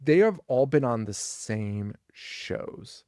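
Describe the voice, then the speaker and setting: A man's voice: medium pitch, lively intonation, slow pace, mellow, dry recording, studio quality. A young man co-hosting a horror movie podcast in casual chat, recapping scenes with profanity and acting out the characters' lines. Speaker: podcast co-host.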